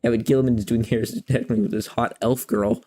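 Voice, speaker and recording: A man's voice: medium pitch, steady tone, quick pace, mellow, a little hiss or hum. A young man streaming a game, chatting casually and rambling, searching for words and using loose slang. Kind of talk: casual chat while playing a game.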